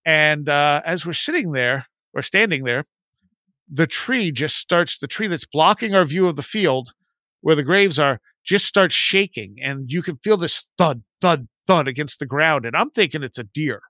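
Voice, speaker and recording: A man in his forties telling a story in a casual chat, rambling and lively when he quotes his friends. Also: on the high side, normal speed, dry recording.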